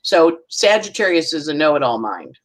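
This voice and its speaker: Animated woman astrologer, playful voices. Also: sits low, moderate pace, poor audio. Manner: animated, acts out little voices and sounds. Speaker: astrologer guest. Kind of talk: casual conversational forecast.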